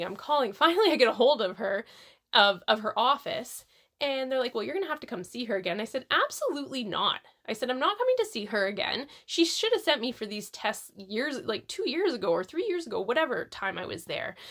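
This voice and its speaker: A woman casually telling a personal story to camera, animated and exasperated, with many restarts and fillers. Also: a little high. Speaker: vlogger sharing a personal story.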